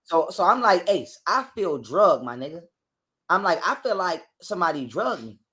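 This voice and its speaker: A man's voice: sits high, normal speed. A man, an interview guest, telling a long story in a casual, profane way and acting out both sides of an argument. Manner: animated, profane, acts out both sides of a quarrel.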